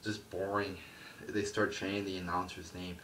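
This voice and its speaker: A man's voice: sits low, level tone, moderate pace, bright, forceful tone, recorded from a distance, slight background noise. A man reviewing a wrestling show in a blunt, profane and dismissive rant, often trailing off and restarting.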